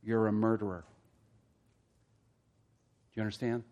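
A man preaching a sermon as pastor, asking the congregation direct questions and building to loud, emphatic peaks. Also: lowish voice, level tone, unhurried.

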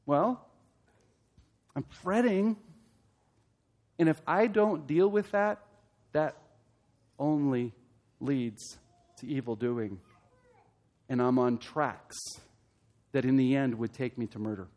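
A man preaching a sermon as pastor, asking the congregation direct questions and building to loud, emphatic peaks. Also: mid-range voice, slow pace, long pauses.

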